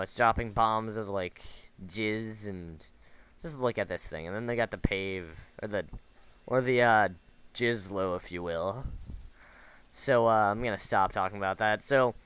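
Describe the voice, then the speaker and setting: A man with a lowish, pushed, bright, and smooth voice gives casual, rambling commentary over a video game. He drifts into side stories, using lots of fillers and restarts. There's no echo.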